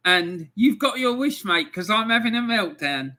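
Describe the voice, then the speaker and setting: A man's voice: high-pitched, expressive, normal speed, hardly any pauses, sharp tone. A man hosting a live football fan stream, ranting in angry exasperation about his team's loss. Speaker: fan channel host.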